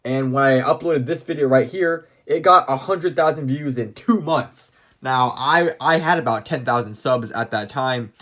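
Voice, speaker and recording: A young man talks straight into his phone camera in a loose, casual tutorial, his voice sitting at an ordinary middle pitch. He rambles and keeps circling back with fillers and restarts as he passes on tips. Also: normal speed, a bit bright. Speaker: plush video creator giving channel tips.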